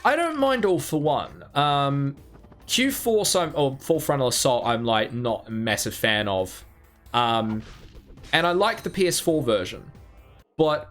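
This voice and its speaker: A man with a slightly high, somewhat bright voice streams a video game, giving casual live commentary full of ums and chuckles. Faint game music plays in the background.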